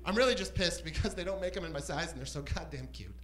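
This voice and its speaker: A man performing a stand-up set on a comedy club stage, camp and animated, with squealing outbursts. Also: fairly high pitch, quick pace, poor audio.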